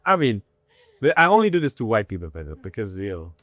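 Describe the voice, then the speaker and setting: Animated man in his thirties, dry sound. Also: fairly low pitch, fast, no room sound. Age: 30s. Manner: candid, animated storytelling with acted-out quotes. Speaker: comedian guest. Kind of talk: casual interview chat.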